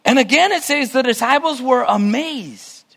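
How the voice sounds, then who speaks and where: Here a preacher with a very high-pitched, slightly bright voice and lively intonation talks at a normal speed. His Bible-teaching sermon alternates between reading scripture aloud and pondering it with many restarts.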